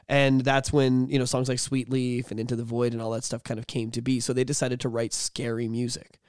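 A man's voice: mid-range voice, level tone, fairly quick, a little mellow, clear, resonant tone, no echo, studio quality. A man telling a story on a casual podcast, rambling and profane, laughing now and then. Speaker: podcast co-host.

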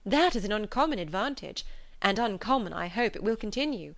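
A woman's voice: medium pitch, fairly quick, creaky, dry recording. Elizabeth, a woman voicing a witty young woman. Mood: teasing. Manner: lively, ironic.

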